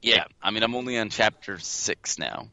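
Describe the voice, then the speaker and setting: A man's voice: lowish voice, moderate pace, sharp tone. A man co-hosting a casual gaming podcast, hesitant, often trailing off and restarting his sentences. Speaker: podcast co-host. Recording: dull lo-fi dry sound.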